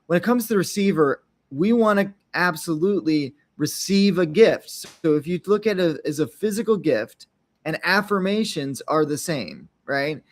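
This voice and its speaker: A man's voice: on the high side, expressive, normal speed. Rambling man hosting an unscripted podcast. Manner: rambling, frequent tag questions, acts out little quotes. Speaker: podcast host.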